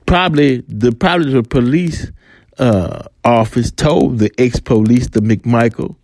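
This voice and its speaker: A man hosts a podcast alone, ranting in a heated, profane commentary. His voice is mellow and dark, recorded dry and close with no room sound. He often acts out the people he talks about. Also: medium pitch, unhurried, dry recording. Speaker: podcast host. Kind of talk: angry commentary monologue.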